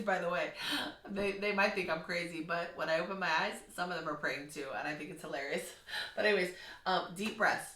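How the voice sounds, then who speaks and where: A woman's voice: lowish voice, a little fast, echoey room, recorded from a distance. A woman who teaches kindergarten, speaking earnestly and encouragingly in a heartfelt vlog. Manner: earnest, encouraging, gently instructive. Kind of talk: heartfelt talking-to-camera vlog.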